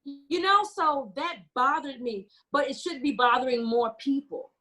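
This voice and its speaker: Passionate high-voiced American woman. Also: measured pace, sharp tone. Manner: passionate, storytelling with quoted dialogue. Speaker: community organizer.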